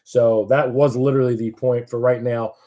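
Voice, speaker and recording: A man's voice: medium pitch, level tone, moderate pace, mellow. A man giving casual live market commentary, chatty and loose, with many fillers and restarts.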